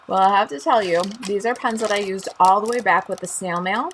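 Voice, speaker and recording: A woman's voice: medium pitch, brisk, noisy background. Chatty Chicago woman hosting a craft stream. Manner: chatty, upbeat, greets viewers and laughs often. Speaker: stamping craft demonstrator and show host. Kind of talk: live-stream craft demo chat.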